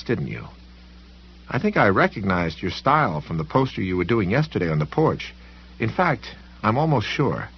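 A man's voice: mid-range voice, husky, highs cut off. A man voicing an uneasy small-town realtor who asks urgent, pressing questions.

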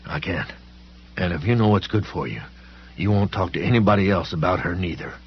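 A man voicing a frightened middle-aged man who warns in a low, hushed, shaken voice. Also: expressive, brisk, breathy edge, dull audio, exaggerated voice. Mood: fearful warning.

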